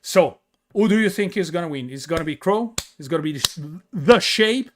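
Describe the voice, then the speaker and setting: A man's voice: a little high, animated, moderate pace, fairly bright tone. A man with an Italian accent, hosting and commentating a wrestling show, joking and reading chat names aloud. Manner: jokey, reads chat names aloud, hypes the ring entrances.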